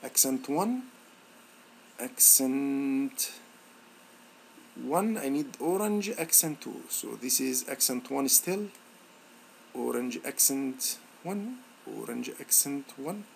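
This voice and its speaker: A male instructor talking students through a software lab on screen, thinking aloud with repeated words and many fillers. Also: slow pace, gravelly, pauses often, slight background noise. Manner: lively, rising pitch on praise words. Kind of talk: screen-recorded software tutorial.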